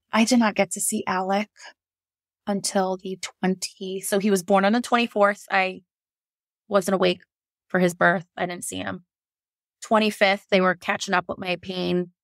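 A woman's voice: mid-range voice, dry recording, studio quality. A woman in her thirties telling her own birth story in a frank, emotional way, with lots of fillers and some swearing. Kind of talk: candid personal storytelling.

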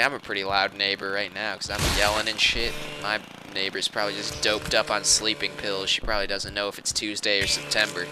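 A man giving loud, goofy running commentary over a video game, swinging between squeals and low mutters. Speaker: gaming let's-player. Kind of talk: loud comedic gameplay commentary.

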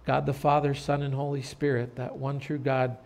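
A man pastor preaching an earnest sermon in a church, turning loud and dramatic when telling a story. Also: medium pitch, little pitch movement, moderate pace, vocal fry. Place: church sanctuary.

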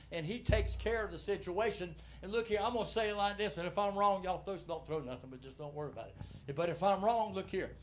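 A middle-aged preacher with a Southern drawl, his voice pitched fairly high for a man. He preaches in a folksy, animated way, swinging between rousing calls and soft asides to his flock. The sermon is delivered in a church. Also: slight background noise. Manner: folksy, animated, shifting from loud exhortation to quiet asides. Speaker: pastor. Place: church sanctuary.

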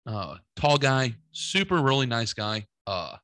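A young adult man co-hosting a podcast, telling a long story in a rambling, profane way and acting out the dialogue with lively voices. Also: mid-range voice, unhurried, no echo. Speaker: podcast co-host.

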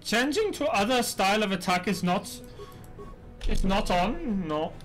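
Man, high voice, casual gameplay commentary, chatty, swears a lot, faint music behind. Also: animated, measured pace, fairly bright tone. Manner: swears often, chatty, talks back at the game. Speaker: streamer.

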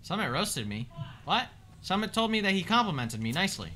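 A young man streaming live, chatting with his viewers in a joking, sarcastic way and swearing often as he swings between mutters and shouts. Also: high voice, sing-song, brisk. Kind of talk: casual live-stream chat, answering viewers. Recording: game stream with clear background music.

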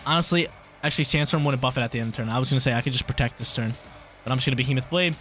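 A man commentating his own competitive video game match in a casual, slangy way, breaking into loud yelps when luck turns against him. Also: medium pitch, racing, faint music behind. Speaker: gaming YouTuber.

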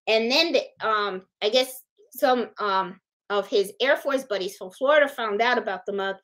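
A woman's voice: medium pitch, moderate pace, a bit bright. A woman from Puerto Rico hosting a casual crafting livestream, chatting, thinking aloud and greeting viewers by name. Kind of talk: casual live-stream chat.

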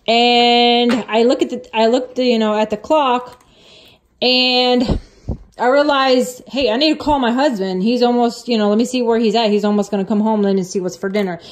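A woman's voice: medium pitch, darkish tone. A woman vlogger sharing a personal testimony in a casual, rambling way, full of restarts, and earnest and emotional as she retells it.

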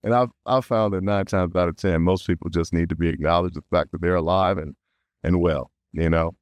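A man guesting on an interview, telling stories in a lively way, often laughing and acting out quotes. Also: deep voice, a little fast, no echo. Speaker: voice actor guest. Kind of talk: casual interview storytelling.

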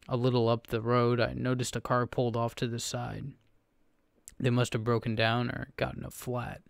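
A man narrating a first-person horror story in a steady, low storytelling delivery. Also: creaky, no echo, studio quality.

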